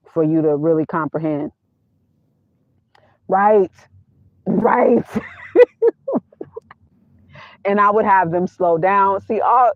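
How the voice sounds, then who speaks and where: A woman's voice: deep voice, no echo. A woman vlogger chatting casually about money, blunt and emphatic, repeating her points, recorded inside her minivan. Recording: tinny phone-like dry sound.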